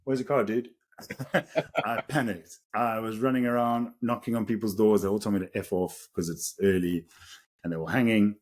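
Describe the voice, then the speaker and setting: A man's voice: on the low side, moderate pace. A South African man in his thirties, a podcast co-host telling a story casually, laughing often as he goes. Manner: animated, laughs through the story.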